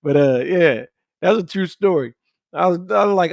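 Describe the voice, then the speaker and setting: A man hosting a podcast, chatting casually with his viewers in a blunt, profane, animated way and repeating his points for emphasis. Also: high-pitched, normal speed, gravelly, no room sound, clean studio sound. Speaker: podcast host. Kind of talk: casual livestream chat with viewers.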